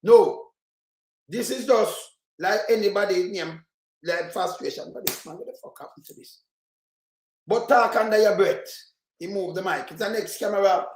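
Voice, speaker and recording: A Jamaican man hosting a heated live stream, cursing and often shouting. His voice sits very high, and the room rings with echo around him. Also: normal speed. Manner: profane, ranting, shouts often. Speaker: livestream host.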